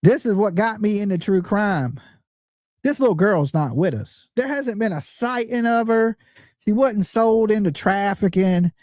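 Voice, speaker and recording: A woman's voice: mid-range voice, animated, unhurried, a little mellow, no room sound, clean studio sound. Blunt woman true crime host. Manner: blunt and emphatic, swears, fires rhetorical questions at viewers.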